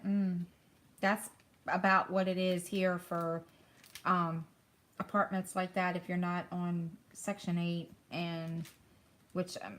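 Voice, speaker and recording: Chatty woman on a craft stream. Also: on the low side. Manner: rambling, soft, thinking aloud with fillers. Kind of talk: casual chat while diamond painting. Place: home.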